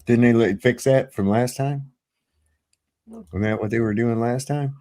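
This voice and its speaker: A man's voice: medium pitch, measured pace, dark tone. A man hosting a casual panel discussion, talking loosely and profanely and reading out headlines. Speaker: host.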